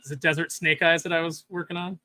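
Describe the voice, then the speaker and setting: A man chatting casually as a podcast host, telling stories in an animated way and acting out the quotes. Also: fairly high pitch, quick pace, a little hiss or hum. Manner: animated storyteller, acts out quotes. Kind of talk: casual chat.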